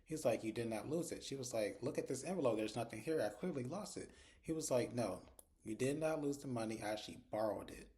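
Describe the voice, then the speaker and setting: Male reviewer recapping episodes, lively and profane, acts out the dialogue. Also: medium pitch, fast. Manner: animated retelling, acts out dialogue in quoted voices, profane. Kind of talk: casual recap commentary.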